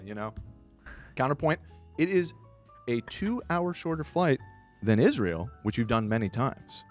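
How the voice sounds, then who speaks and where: A man on a studio podcast mic lays out his case point by point, like a sales pitch. His pitch sits in an ordinary middle range, with a faint bed of music under the talk. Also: big pitch swings, a little slow, pauses often. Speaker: podcast producer.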